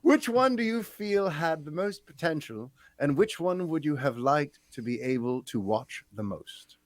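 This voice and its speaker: A man reading a listener question aloud in an attempted British accent, a halting, half-serious mimicry. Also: fairly high pitch, animated, no room sound. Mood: mock-formal.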